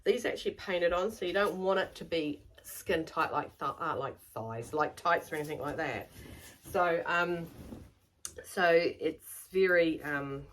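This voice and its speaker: A woman's voice: sits low, measured pace, a bit bright, low-quality recording. A middle-aged woman, chatting in a rambling, self-deprecating way as she shows off her sewing. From New Zealand. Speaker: sewing vlogger. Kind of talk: casual chat showing handmade items.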